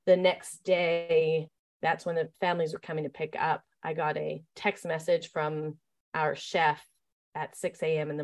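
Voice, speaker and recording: Woman, slightly low-pitched, conversational interview, chatty storytelling, lots of fillers and restarts. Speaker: summer camp staff leader.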